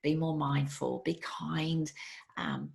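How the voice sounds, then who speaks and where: A woman's voice: sits low, fairly even intonation, slow, creaky. A woman in her fifties, a podcast guest, telling stories in an earnest, emphatic way. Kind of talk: conversational interview.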